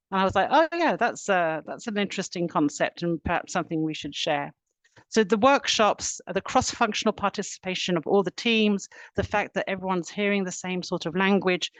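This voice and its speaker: A woman's voice: fairly low pitch, no echo. Middle-aged woman, HR director, earnest webinar presenter, dry close sound. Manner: earnest, steady explaining, lists actions step by step.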